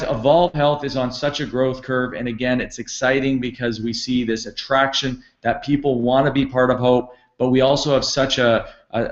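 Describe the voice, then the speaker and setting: A middle-aged man hosts a company conference call with upbeat, promotional energy. His voice sits at an ordinary pitch, and he leans on plenty of fillers. The call audio is muffled and lo-fi. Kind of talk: enthusiastic sales kickoff call. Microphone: conference call line.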